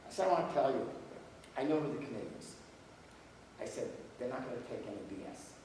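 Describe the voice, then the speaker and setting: A man's voice: medium pitch, animated, quick pace, a little mellow, slight background noise. An older man lecturing in a folksy way, telling stories full of quoted dialogue. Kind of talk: storytelling lecture. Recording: echoey hall, voice from far off.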